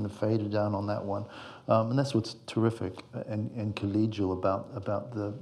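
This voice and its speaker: A man's voice: lowish voice, darkish tone. A male screenwriter giving reflective, meandering interview answers, fond of analogies.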